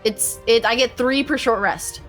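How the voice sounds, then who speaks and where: A woman's voice: on the high side, normal speed, soft background music. A woman playing a tabletop game, talking through the rules with the group. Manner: lively, checks rules with the group. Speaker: player. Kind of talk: casual tabletop game chat.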